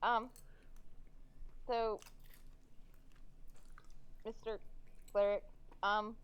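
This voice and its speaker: A woman playing a tabletop game who talks very slowly and hesitantly. She pauses on fillers and restarts often. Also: medium pitch, flat delivery, clean tone, muffled recording. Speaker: player. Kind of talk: casual tabletop play.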